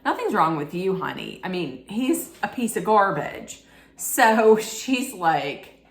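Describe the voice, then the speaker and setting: Unhurried woman vlogger, echoey room. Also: medium pitch, very animated. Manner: frank, gossipy storytelling, talks straight to the viewer. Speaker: vlogger reviewing a documentary. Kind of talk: casual commentary.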